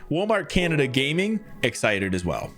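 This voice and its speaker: A man's voice: a little high, wildly swooping pitch, normal speed, fairly bright tone, faint music behind. A man reacting casually to gaming news on a live stream, rambling, swearing and talking to his chat.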